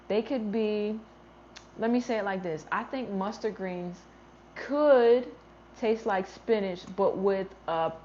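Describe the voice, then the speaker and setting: A woman hosts a relaxed gardening livestream, reading out and answering viewer comments and thinking aloud as she trails off and restarts. Her voice sits at an ordinary middle pitch. The audio is slightly dull and lo-fi, with a faint ambient hum behind her.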